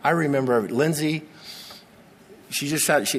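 A middle-aged male pastor preaching to his congregation, repeating key words and letting dramatic pauses hang. His voice rings out in the long reverb of a big church hall, with a faint room hum underneath. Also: mid-range voice, animated, fairly bright tone. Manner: earnest preaching with dramatic slow pauses and repetition. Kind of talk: sermon. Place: church sanctuary.

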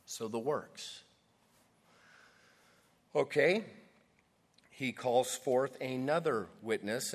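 A man preaching a sermon, moving between loud emphatic lines and quiet, hushed passages. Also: mid-range voice. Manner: dynamic, swings from loud emphasis to hushed near-whisper. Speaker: pastor.

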